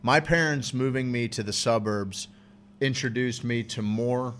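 A man's voice: mid-range voice, unhurried, fairly bright tone, a little hiss or hum. Laid-back profane podcast host, man. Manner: loose, profane, laughs often. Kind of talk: casual chat.

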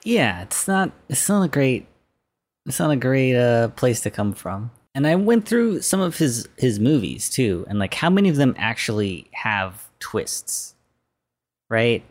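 A man's voice: mid-range voice, big pitch swings, measured pace. Rambling man on a podcast. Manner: rambling, hedging, lots of fillers. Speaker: podcast co-host. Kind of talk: casual podcast chat.

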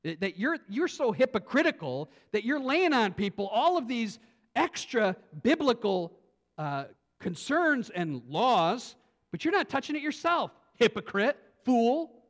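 A male pastor preaching a sermon, animated, swinging from quiet thinking-aloud asides to loud emphatic lines. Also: very high-pitched, unhurried. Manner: repeats words and restarts as he thinks aloud.

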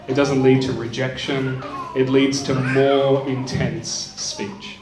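A man gives a conversational teaching talk on a psalm, often checking in with his listeners. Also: mid-range voice. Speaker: lecturer on the Psalms. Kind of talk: teaching talk with scripture reading. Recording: echoey room, mic at a distance.

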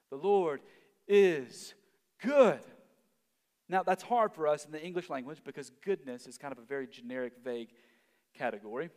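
A man preaching a sermon. He swells to loud emphasis and then drops almost to a hush. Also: fairly high pitch, in a large hall. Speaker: pastor.

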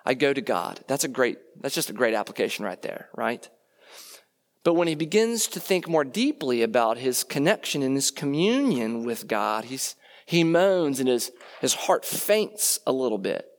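A man delivering a sermon in a chatty, conversational manner. He keeps checking in with his listeners through rhetorical questions and quick tag questions. His voice sits at an ordinary middle pitch for a man. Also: very animated. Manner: conversational, rhetorical questions, frequent "right?" tags. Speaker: preacher.

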